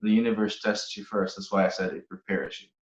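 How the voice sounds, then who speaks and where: Man from the Philippines, guest musician, halting casual talk; roomy, muffled podcast recording. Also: lowish voice, steady tone. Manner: hesitant, restarts often. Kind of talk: casual interview chat. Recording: roomy, dull podcast audio.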